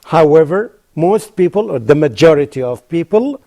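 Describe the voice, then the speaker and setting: A man presenting a religious lesson on television, emphatic and repetitive for stress, slowing down to pronounce Arabic terms carefully. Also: a little high, animated, dark tone. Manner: emphatic, repeats phrases for stress. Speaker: TV presenter teaching Quran reflections. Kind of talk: religious lecture.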